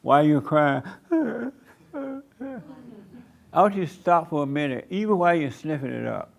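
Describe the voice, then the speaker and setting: A man preaching a sermon to a small congregation in a church meeting room. He repeats short commands emphatically and slows down to stretch words for emphasis. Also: a little high, expressive, vocal fry. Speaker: pastor.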